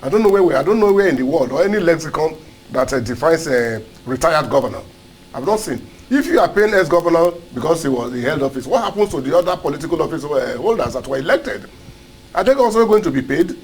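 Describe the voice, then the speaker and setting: A man's voice: fairly high pitch, expressive, fast talker, husky. A man co-hosting a studio show, giving earnest, argumentative political commentary and repeating words as he builds his point. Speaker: co-host and commentator. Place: broadcast studio.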